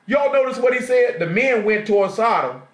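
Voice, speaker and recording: Here a man preaches at a moderate pace in a very high, animated voice, using slangy street talk and often asking the congregation questions. His accent is Southern US, specifically Jacksonville, Florida, and the audio is a live stream from an echoey church assembly room.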